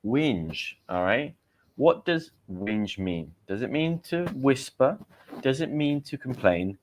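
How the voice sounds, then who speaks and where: With a sing-song, mid-range voice and a slow delivery, a British man leads a live English vocabulary stream. He's chatty, quizzing his audience and reading their comments out. A faint hiss or hum sits in the background.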